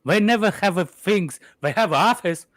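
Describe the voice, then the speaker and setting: Male co-host, slightly higher voice, teasing, repetitive, casual delivery. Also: animated, moderate pace, a bit bright, dry recording. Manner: teasing, repeats himself, searches for words. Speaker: podcast co-host. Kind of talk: casual chat.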